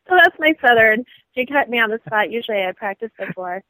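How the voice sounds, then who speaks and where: A woman actress and model chatting as an interview guest, bubbly and quick to laugh. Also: a little high, expressive, sharp tone, dry recording, low-quality recording. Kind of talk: casual interview chat.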